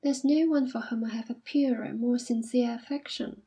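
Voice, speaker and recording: A woman's voice: a little high, steady tone, normal speed, gravelly, mellow, breathy edge, voice pushed up. A woman doing a remorseful, pleading young man. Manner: earnest, pleading. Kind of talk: audiobook reading.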